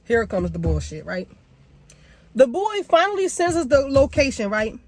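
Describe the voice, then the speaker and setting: A young woman vlogger telling a story casually, animated and slangy, with big jumps in pitch. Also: normal speed.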